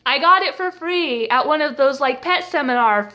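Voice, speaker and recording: Bright, high-voiced young woman recapping TV. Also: lively intonation, moderate pace. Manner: sarcastic, laughs often while retelling. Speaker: TV episode reviewer. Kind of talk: casual recap and commentary.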